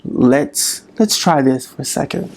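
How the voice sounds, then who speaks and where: A man speaking as a motivational speaker, slowly coaching listeners through a guided exercise. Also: on the high side, lively intonation, vocal fry. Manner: slow, coaching delivery with long pauses.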